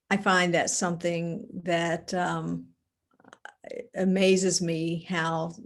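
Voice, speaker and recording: Slow, gravelly middle-aged woman. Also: on the low side. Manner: slow, thoughtful, hesitant. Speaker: discussion group member. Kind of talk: reflective group discussion.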